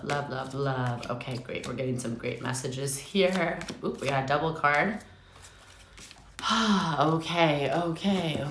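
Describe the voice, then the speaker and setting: Chatty woman with a low voice, swearing freely. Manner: chatty, swearing, excitable, laughs often. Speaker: tarot reader. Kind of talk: casual live tarot reading. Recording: echoey room with faint noise.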